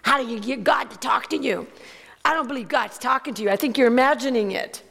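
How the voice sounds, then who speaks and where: A woman delivers an emphatic sermon and keeps asking her congregation for an amen. Her voice sits high, and a long reverb trails after her words as if she is in a large hall. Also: a little fast, vocal fry, fairly bright tone. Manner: emphatic, calls out for amens. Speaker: preacher.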